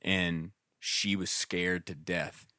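A man telling stories in casual chat, animated and profane, acting out what others said. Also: sits low, takes it slowly, no room sound, clean studio sound. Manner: animated, profane, acts out quotes in raised voices.

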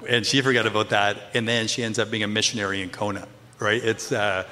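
A man's voice: lowish voice, fairly even intonation, fast talker, bright, forceful tone, in a large hall, slight background noise. A middle-aged man, a father, sharing a story earnestly as co-host of a casual chat.

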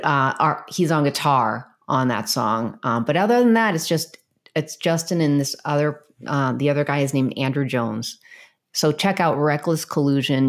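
Woman, very low pitch, bubbly, gushing, casual podcast chat, fillers. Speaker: podcast co-host.

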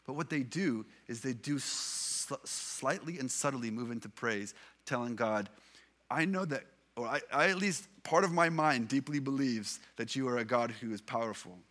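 A man preaching a sermon in an earnest way, building emphasis with repeated phrases and slowing down to read scripture aloud. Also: medium pitch, a bit bright. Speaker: pastor.

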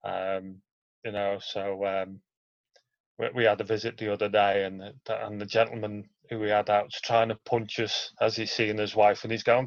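A man's voice: fairly low pitch, flat delivery, normal speed, dry recording, muffled recording. A man who works in a care home, talking in a hesitant way with many fillers. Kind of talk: casual interview.

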